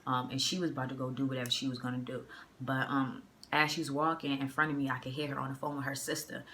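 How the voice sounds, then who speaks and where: A young woman from the area, telling a personal story in a casual, slangy, animated way on a phone mic. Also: rumbling low, fast, slight background noise. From Boston area. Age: young adult. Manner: animated, slangy, acts out the dialogue. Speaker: vlogger.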